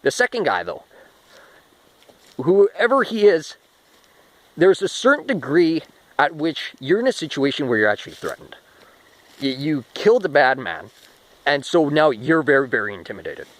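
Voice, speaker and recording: Rambling man with a lively voice. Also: a little high, moderate pace, long pauses, low-quality recording. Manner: rambling, restarts often, swears casually. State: short of breath. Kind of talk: rambling spoken monologue.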